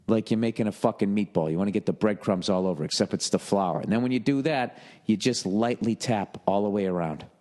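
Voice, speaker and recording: A man's voice: lowish voice, big-room sound. A man in his forties hosting a comedy podcast, reading listener emails and answering them in a profane, rambling, jokey way. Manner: profane, rambling, jokey, lapses into mock yelling.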